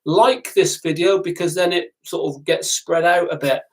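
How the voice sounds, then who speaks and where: A man's voice: sits high, fairly even intonation, moderate pace, poor audio. A middle-aged man with a southern English accent, chatting casually on a live stream and answering viewers by name as a motorcycle instructor. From southern England. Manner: chatty, addresses viewers by name, lots of ums.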